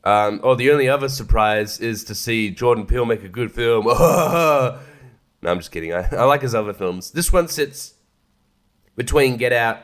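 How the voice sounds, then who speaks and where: Speaking at a normal pace in an expressive, medium-pitched voice, this man runs a laid-back podcast reviewing films. His talk wanders, leans sarcastic, and is full of casual swearing and frequent laughter.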